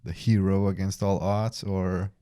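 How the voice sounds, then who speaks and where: A man's voice: deep voice, little pitch movement, measured pace, mellow, dry recording, clean studio sound. Teasing man on a podcast. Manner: laughs often, teasing. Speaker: podcast co-host. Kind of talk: casual podcast chat.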